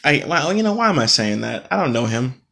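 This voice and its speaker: A man's voice: medium pitch, big pitch swings, a little fast, creaky, bright, forceful tone. A man hosting a solo podcast, ranting in a casual, profane, exasperated way. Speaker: podcast host.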